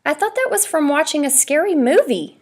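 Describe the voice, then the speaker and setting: A woman's voice: high-pitched, lively intonation, a little fast, pitched above the performer's own voice. A woman voicing a firm, scolding mother in a read-aloud storybook.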